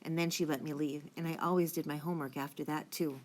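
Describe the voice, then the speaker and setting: Woman reading as a calm, soothing dad. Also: low voice, fast, lightly acted. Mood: thoughtful. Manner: gentle, soothing, thoughtful. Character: calm, reassuring father, sleepy at night.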